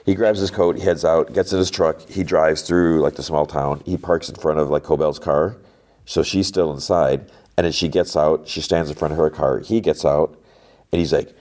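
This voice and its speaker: Very deep-voiced man, casually recapping. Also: steady tone, moderate pace, a little mellow. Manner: chatty retelling, swaps curse words for "fudge". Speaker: podcast host.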